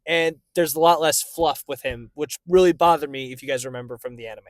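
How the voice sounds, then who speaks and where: High-voiced laid-back man on a podcast. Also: a little fast, dry recording. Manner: easygoing, lots of "like" fillers. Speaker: podcast co-host. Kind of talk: casual chat.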